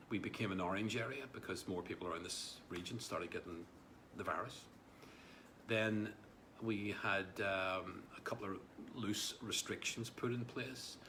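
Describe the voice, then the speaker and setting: Low-voiced rambling male live vlogger. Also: a bit bright, a little hiss or hum. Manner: rambling, chatty, many restarts and asides to viewers. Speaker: live vlogger answering viewer comments. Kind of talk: casual live-stream chat.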